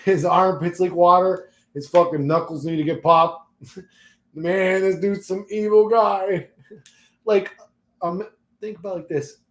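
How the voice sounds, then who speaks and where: A man's voice: sits high, fairly even intonation, a little slow. Profane ranting man in echoey room. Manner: blunt, profane, laughs often. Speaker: channel host. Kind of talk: casual vlog rant.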